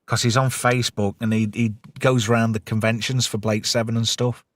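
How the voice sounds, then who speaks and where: A man hosting a loose live-stream chat, reading out viewer comments and swearing freely. His voice sits at an ordinary middle pitch and sounds dry and close, with no room around it. He breaks into loud laughter often. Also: little pitch movement, normal speed, no room sound. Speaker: podcast host.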